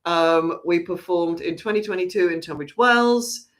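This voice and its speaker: Rambling, chatty theatre director. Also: female voice, lowish voice, measured pace. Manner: chatty, rambling, with frequent restarts. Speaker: artistic director of a theatre company. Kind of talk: casual spoken announcement.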